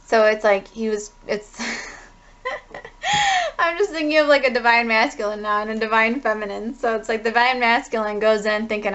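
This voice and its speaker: Female tarot reader, higher pitch, loose profane rambling delivery, dull lo-fi recording. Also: expressive, moderate pace, fairly bright tone. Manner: rambling, full of "like", swears casually. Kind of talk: casual spiritual reading.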